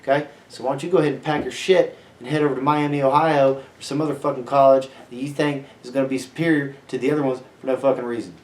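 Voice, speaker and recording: A young man co-hosting a sports podcast, ranting loudly with plenty of swearing. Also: medium pitch, steady tone, quick pace, few pauses, reverberant. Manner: brash, ranting, heavy swearing. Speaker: podcast co-host. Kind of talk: profane sports podcast banter.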